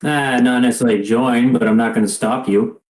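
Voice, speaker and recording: A man's voice: mid-range voice, fairly even intonation, fairly quick, a little mellow, echoey room. A man playing a tabletop game, speaking in a matter-of-fact, dry way. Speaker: player. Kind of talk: casual tabletop game chat.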